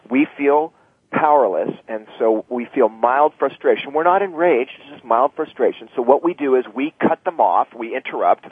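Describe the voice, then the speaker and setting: A man with a slightly husky, mid-pitched voice talks through relationship problems in an earnest, teaching way. He comes through a narrow, phone-like line with no room sound. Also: dry recording. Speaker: couples therapist. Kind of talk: radio talk.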